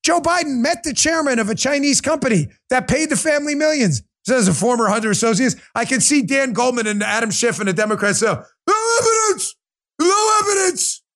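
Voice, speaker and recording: A man's voice: extremely high pitch, fast talker, hardly any pauses. A man hosting a political talk show, reading ads casually and ranting with rising emphasis. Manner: animated, emphatic, rising to near shouting; conversational ad read. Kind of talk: live political talk and ad reads.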